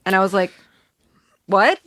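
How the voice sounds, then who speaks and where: An American woman with a lowish voice chats as a podcast guest, rambling from thought to thought and leaning on "like" at every turn. Her voice is dry and close, with no room sound around it. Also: normal speed, no echo. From United States. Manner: rambling, heavy use of "like". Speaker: musician guest. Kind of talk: casual chat. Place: home in upstate New York.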